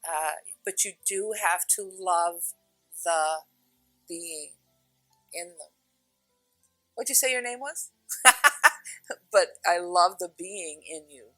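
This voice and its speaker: A woman talks casually as a spiritual teacher, her voice bright and forward. She tells stories in an animated way, acting out what others said. The sound is dry and close, with faint music underneath. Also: on the low side, no room sound, rough recording. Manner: animated storyteller, acts out quotes.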